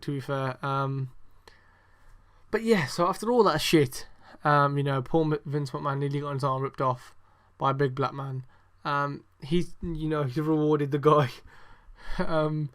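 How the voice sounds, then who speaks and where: A young man hosting a podcast, reviewing wrestling in a rambling, sarcastic way, full of swearing and ums. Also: fairly high pitch. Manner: exasperated, sarcastic. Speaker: podcast host. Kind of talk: casual wrestling review chat.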